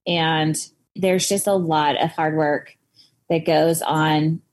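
A woman's voice: low voice, fairly even intonation, slow pace. A woman being interviewed on a podcast about her photography business, speaking in an earnest, thoughtful way. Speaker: guest photographer.

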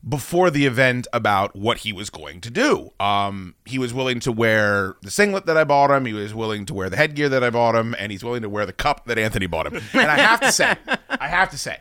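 A man hosting a talk show, telling stories in a loose, profane, animated way. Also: medium pitch, brisk, no echo, clean studio sound. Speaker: radio show host. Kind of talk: casual podcast banter.

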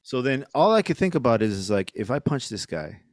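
A man's voice: medium pitch, sing-song, brisk, no room sound, studio quality. Rambling, profane male storyteller. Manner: rambling, profane, lots of fillers. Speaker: podcast guest. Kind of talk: casual storytelling.

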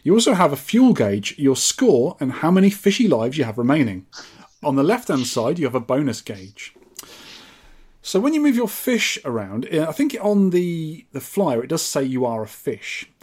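A man's voice: a little high, big pitch swings, moderate pace, darkish tone, breathy edge. A man hosting a podcast, chatting casually and wryly, reading out specs with mock grandeur. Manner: playful, wry, reads out specs with mock grandeur. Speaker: podcast host. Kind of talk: casual podcast chat about retro games.

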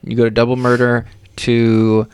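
A man joking in a casual chat with a dry, deadpan manner. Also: medium pitch, moderate pace, clean tone, dry recording.

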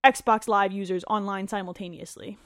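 A woman's voice: mid-range voice, fairly even intonation, moderate pace, a bit bright, dry recording, clean studio sound. A woman co-hosting a podcast, chatting casually about gaming news in a joking, sarcastic way and swearing freely. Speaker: podcast co-host.

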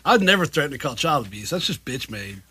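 A man's voice: mid-range voice, very animated, fast, pushed and bright, slightly rough. A man co-hosting a casual podcast, cracking jokes and swearing with frequent laughter. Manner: joking interjections, laughs often, swears. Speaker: podcast co-host. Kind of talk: casual profane podcast chat.

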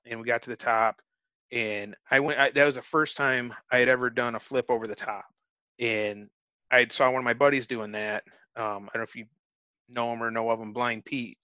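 Guy telling a story all earnest, keeps restarting his sentences, crisp tense voice, kinda muffled dry sound. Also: mid-range voice, normal speed, dry recording. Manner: earnest, animated storyteller who restarts phrases. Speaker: interview guest. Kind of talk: casual storytelling. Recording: dull, dry lo-fi recording.

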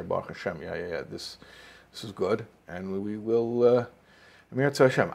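Man telling a story in a rabbi's class. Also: fairly low pitch. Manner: mixes in Hebrew and Yiddish terms, explains with growing emphasis.

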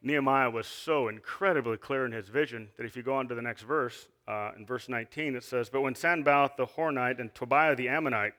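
A man's voice: medium pitch, fairly bright tone. A man giving an earnest sermon, reading scripture and asking the listeners questions, with frequent restarts. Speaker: lay preacher.

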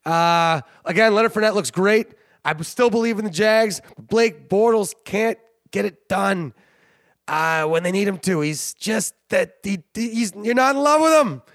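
A man's voice: high-pitched, expressive, measured pace, no echo, studio quality. A man hosting a sports show, rambling and joking in casual commentary, often laughing. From Canada. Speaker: sports podcast host.

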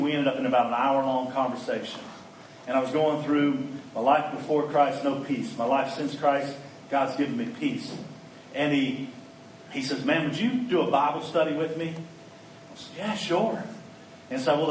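A middle-aged man giving a folksy, animated talk at a conference, acting out bits of dialogue. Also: on the high side, slight background noise. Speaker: conference speaker. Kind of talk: preaching talk. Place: conference hall. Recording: echoey room, mic at a distance.

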